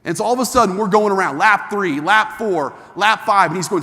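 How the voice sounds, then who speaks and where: A man giving an animated, enthusiastic motivational talk to a live audience, telling a story with lots of energy. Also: high voice, a little fast, hardly any pauses. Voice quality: enthusiastic, animated delivery with frequent restarts. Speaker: motivational speaker. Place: large hall with an audience. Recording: long hall reverb from a live talk.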